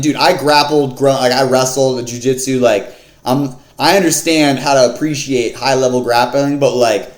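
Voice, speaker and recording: A man's voice: medium pitch, darkish tone. Slangy man breaking down fights, echoey room. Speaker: MMA fight picks vlogger. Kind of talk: casual fight card breakdown.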